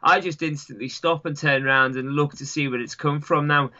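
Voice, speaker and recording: An English man chats as the guest, rambling and leaning on "sort of" and "you know" between thoughts. His voice is bright and forceful. The recording sounds dull and lo-fi. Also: on the high side, steady tone, a little fast. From England. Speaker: guest, long-distance runner. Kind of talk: casual interview chat.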